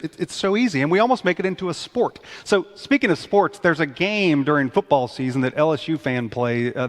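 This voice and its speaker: A man preaching a conversational sermon in a church, animated and acting out people's outbursts. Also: mid-range voice. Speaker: pastor. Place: church sanctuary. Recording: long church reverb.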